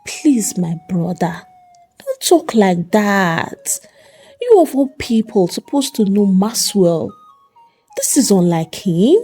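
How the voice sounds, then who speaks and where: Woman voicing a calm worried father. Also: medium pitch, slow pace, breathy edge, soft background music, exaggerated voice. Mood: concerned.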